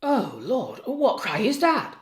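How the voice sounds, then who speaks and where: A man's voice: wildly swooping pitch, slow, heavily acted. A man voicing a loyal, outraged maidservant in a raised voice, crying out in alarm. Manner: high, cries out in alarm. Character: loyal, outraged female servant, middle-aged. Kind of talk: dramatic reading of a play.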